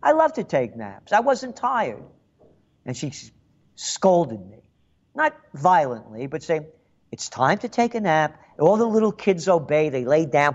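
A man's voice: on the high side, a little mellow, lo-fi sound. Rambling older New man, sarcastic. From the Bronx, New York. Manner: rambling, sarcastic, repeats words. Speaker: radio talk show host. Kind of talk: call-in radio monologue.

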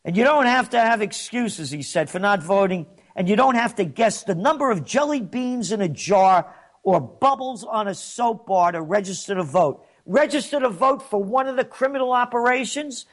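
A man's voice: high-pitched, lively intonation, moderate pace. A man hosting an opinion commentary, indignant and mocking, his voice rising when he gets riled. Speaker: host.

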